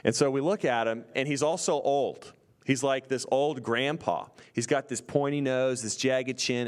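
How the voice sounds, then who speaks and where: Excitable man telling a story. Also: mid-range voice. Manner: excitable, acts out screams and voices. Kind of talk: animated storytelling.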